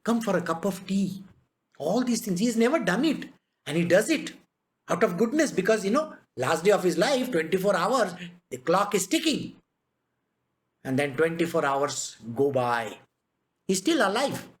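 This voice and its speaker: A man with a notably high voice delivers a spiritual discourse, pressing his listeners with rhetorical questions. He moves between storytelling and emphatic exhortation in the manner of a teacher. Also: sing-song, normal speed.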